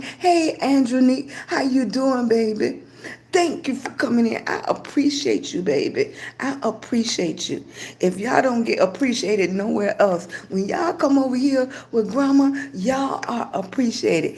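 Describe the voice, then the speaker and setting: Southern grandma chatting on a livestream. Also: female voice, a little high, creaky. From Virginia. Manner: warm, greets viewers by name, motivational. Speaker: livestream host. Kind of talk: casual livestream chat.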